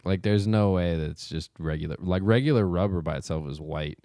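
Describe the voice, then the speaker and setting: A man co-hosting a casual podcast rambles through stories, laughing often and swearing offhandedly. His voice sits very low. The recording is dry and close. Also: brisk, mellow, no echo. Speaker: podcast co-host. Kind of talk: casual chat.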